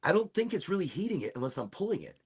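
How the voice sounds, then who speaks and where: A middle-aged man hosting a livestream, chatting casually while high, rambling, laughing and making fun of himself. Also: sing-song, very fast, breathy edge. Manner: rambling, laughing, self-mocking. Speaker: livestream host.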